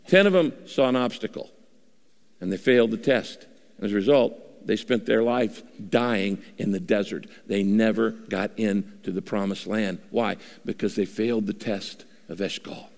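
Man preaching in a reverberant hall. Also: vocal fry. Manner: preaching with dramatic pauses, shifting pitch for emphasis. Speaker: pastor. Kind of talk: sermon. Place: large church auditorium.

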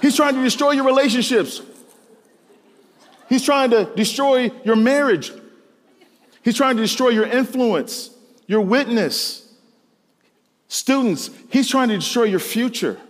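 A man's voice: extremely high pitch, expressive, a little slow, long pauses. Preaching man with a ringing hall echo. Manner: storytelling, emphatic, rising to exclamations. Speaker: pastor. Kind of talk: sermon to students.

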